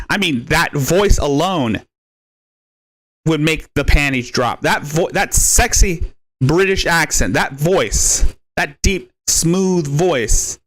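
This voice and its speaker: Profane, taunting man with a swinging pitch. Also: a bit bright. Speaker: stream host. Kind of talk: mocking live stream rant.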